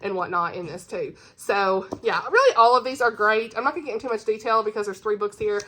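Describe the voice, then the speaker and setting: A woman's voice: medium pitch, fast, bright, forceful tone, slight background noise. A woman hosting her own channel, chatting casually and bubbly about books she recommends, giggling often. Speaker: book reviewer, channel host. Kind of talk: casual book-recommendation chat.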